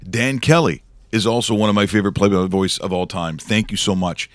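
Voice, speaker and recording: A man's voice: fairly low pitch, brisk, no echo. A man hosting a casual studio morning show, rambling enthusiastically with many restarts. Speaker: show host.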